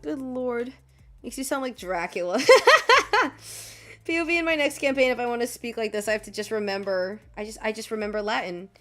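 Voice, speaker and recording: A woman with a fairly bright, higher voice talks quickly while streaming her art, faint music playing behind her. She chats casually as she draws, muttering exasperated asides to herself, swearing and laughing along the way.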